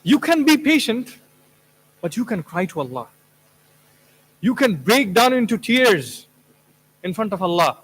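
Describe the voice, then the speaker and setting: High-voiced imam in a reverberant hall. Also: male voice, big pitch swings, a little slow, pauses often, fairly bright tone, husky. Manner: earnest, rhetorical questions, quotes Arabic verses. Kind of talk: Quran commentary lecture. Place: mosque hall.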